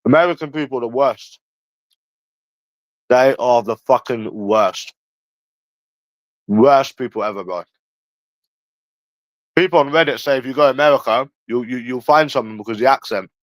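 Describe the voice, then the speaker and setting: A man's voice: medium pitch, moderate pace, pauses often, dry recording, poor audio. A man ranting casually on a livestream, blunt and profane, talking straight to a viewer in chat. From England. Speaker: livestream host.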